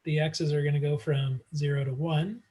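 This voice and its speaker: A man's voice: fairly high pitch, little pitch movement, normal speed, warm tone. A man teaching math in a casual online lecture, working through problems aloud with frequent fillers, recorded on a computer mic. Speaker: math instructor.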